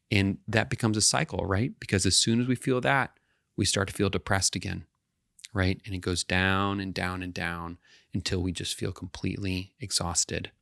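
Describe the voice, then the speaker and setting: A man's voice: sits low, steady tone, normal speed, gravelly, a bit bright, no room sound, studio quality. A male counselor giving an educational talk to camera, explaining step by step and often checking in with the listener.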